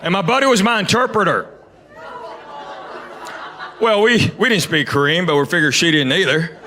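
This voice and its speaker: A male stand-up comedian telling stories in a dry, deadpan way, repeating words for punchlines, on a stage before a laughing audience. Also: high voice, normal speed, a crowd in the background, background noise. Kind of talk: stand-up storytelling. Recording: live show with loud audience laughter.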